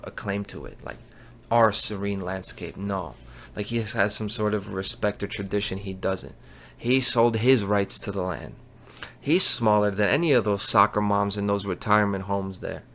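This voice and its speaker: Profane, ranting man with a low voice. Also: a bit bright, slight background noise. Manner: angry, profane, contemptuous. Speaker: show host. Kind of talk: ranting commentary.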